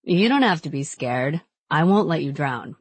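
A woman's voice: deep voice, animated, moderate pace, husky, no room sound. Teasing young man, voiced by a woman reader. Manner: teasing, easygoing. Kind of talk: audiobook character voice.

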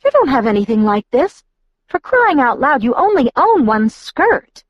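A bubbly young vampire girl, all brightness and insistence, bossing her friend around with quick cheer, as a woman narrator puts her on. The voice sits well above the reader's own and pushes a touch louder. Dry, close recording. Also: high-pitched, big pitch swings, dry recording, highs cut off, voice pushed up, full character voice. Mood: pushy. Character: perky, pushy young female vampire friend. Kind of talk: audiobook character voice.

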